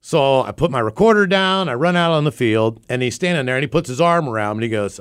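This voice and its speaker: A middle-aged podcast co-host tells a story in casual conversation, talking fast and smoothly with few pauses in a medium-pitched voice. He's animated and profane, laughing and cursing as he goes.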